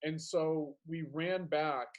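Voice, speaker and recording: Excitable, higher-voiced man telling a story. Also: takes it slowly. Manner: excitable, mimics sounds, swears. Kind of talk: casual storytelling chat.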